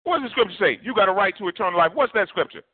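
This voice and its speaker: A man races through a sermon story in a high voice with a breathy edge, casually and animatedly acting out the characters' lines. The recording is dry with no room sound, tinny like a phone.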